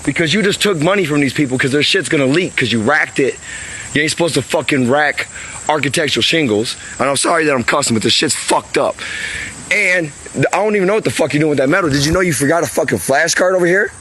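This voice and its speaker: Blunt, swearing roofer outdoors. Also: male voice, on the high side, lively intonation, fast, fairly bright tone, a little hiss or hum, poor audio. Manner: blunt, heated, swears a lot. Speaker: roofing contractor. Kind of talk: casual outdoor vlog rant. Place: outdoors on and near a house roof.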